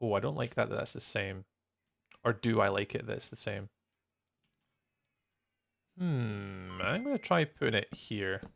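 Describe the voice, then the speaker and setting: A man's voice: fairly low pitch, lively intonation, unhurried, vocal fry, pauses often, a bit bright. A Scottish man chatting casually with viewers on a live stream while he builds in a game, greeting people by name and laughing often. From Scotland.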